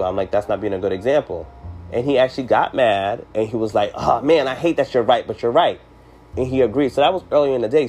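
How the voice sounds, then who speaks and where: A man's voice: mid-range voice, darkish tone. Emphatic man telling a story. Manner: emphatic, fillers like "you know". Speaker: podcast host. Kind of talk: storytelling casual chat.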